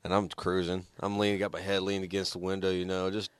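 A man's voice: low-pitched, little pitch movement, quick pace, clear, resonant tone, no room sound. A man guesting on a radio show, telling road stories with lots of swearing and laughter. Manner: swears freely, laughs through his stories. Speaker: band member guest. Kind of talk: casual storytelling chat.

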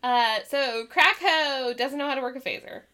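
High, bright-voiced woman recapping casually. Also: normal speed. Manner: laughing, animated retelling with quoted voices. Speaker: podcast co-host.

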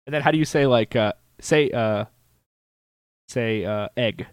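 A man's voice: mid-range voice, measured pace, dry recording, clean studio sound. A man co-hosting a casual chat, teasing and playful, laughing often. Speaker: podcast co-host.

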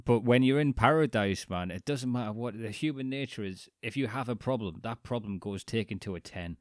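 A man co-hosting a podcast, cracking sweary jokes and quick asides in casual chat. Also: mid-range voice, no echo, clean studio sound. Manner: sweary, jokey quick interjections. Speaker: podcast co-host.

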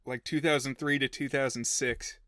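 A man co-hosting a casual film podcast, chatty and joking, with quick asides. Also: mid-range voice, steady tone, a bit bright, no room sound. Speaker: podcast co-host.

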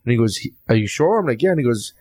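Male comic, mid-pitched, lively profane storyteller in casual banter. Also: very fast. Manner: animated anecdote-telling with quoted voices, profane. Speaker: stand-up comic.

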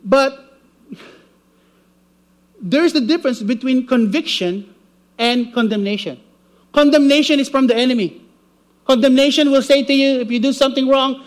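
A man preaching a sermon, telling a personal story with animated delivery and acted-out voices. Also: very high-pitched, moderate pace.

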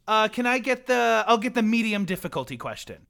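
Man as a pushy, eager contestant; high, bright voice. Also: sing-song, fairly quick, gravelly, exaggerated voice. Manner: eager, insistent. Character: eager male game show contestant.

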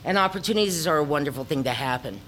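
A woman's voice: low-pitched, animated, fast, a bit bright, slight background noise. A middle-aged woman with an Ozark accent, a theater director telling a personal story to an audience, reflective and full of ums.

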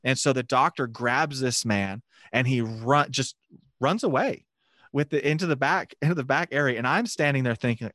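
An animated man recounting a personal story at a quick clip, his voice mid-pitched and plain. The sound is dry and close, with no room around it. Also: dry recording. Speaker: guest telling a mission story. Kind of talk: casual storytelling testimony.

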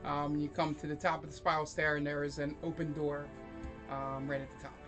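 A man running a tabletop game as game master, narrating in a relaxed, halting way. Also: on the high side, music in the background.

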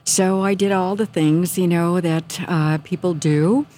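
Middle-aged woman guest, lower voice, sincere and animated storyteller. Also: a little slow, slight background noise. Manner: earnest, animated storytelling with quoted thoughts. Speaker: guest telling her story. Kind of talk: casual faith testimony.

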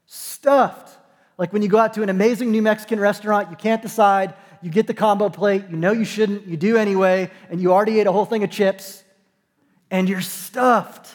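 A man, a pastor, preaching a sermon in a conversational, joking way, with dramatic slow pauses. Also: sits high, fairly even intonation, in a large hall. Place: church sanctuary.

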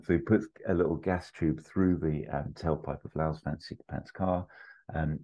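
A man hosting a podcast, casually pitching an adventure story with fillers, asides and chuckles. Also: mellow. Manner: rambling, full of fillers and asides, chuckles at own jokes. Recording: slightly muffled lo-fi audio.

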